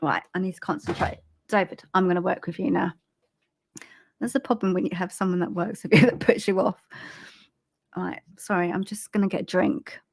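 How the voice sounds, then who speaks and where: A British woman giving live spiritual readings on a stream, speaking gently with many ums and restarts. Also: lowish voice, steady tone. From Britain. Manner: halting, full of ums and restarts, gentle and soothing. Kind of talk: live-stream psychic reading, casual and chatty.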